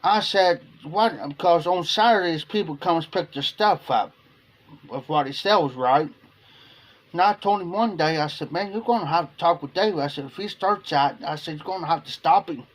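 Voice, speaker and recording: A man with a slightly high voice hosts a casual livestream at a moderate pace, rambling through a long story to his chat and repeating "I said" as he retells it.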